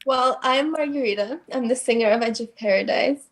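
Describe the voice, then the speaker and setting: A woman, a band singer, guesting on a casual livestream interview, relaxed and laughing softly. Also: a little high, fairly quick.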